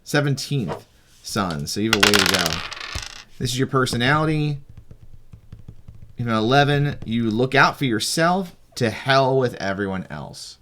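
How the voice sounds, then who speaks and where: A man plays game master, guiding a friend through building a tabletop game character in a breezy, teasing manner, often restarting his sentences. His medium-pitched voice is fairly bright, lively in intonation and moderate in pace. Slight background noise is audible in this casual game explanation.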